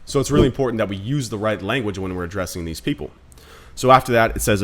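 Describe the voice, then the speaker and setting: A man's voice: deep voice, fast, fairly bright tone. A man in his thirties giving a casual screen-recorded marketing tutorial, blunt and conversational, calling viewers guys. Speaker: marketing instructor.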